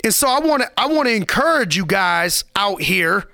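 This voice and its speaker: A man's voice: high voice, big pitch swings, normal speed, gravelly, sharp tone, no room sound, studio quality. A man giving a motivational podcast monologue, preachy and emphatic, repeating lines for effect in casual street slang.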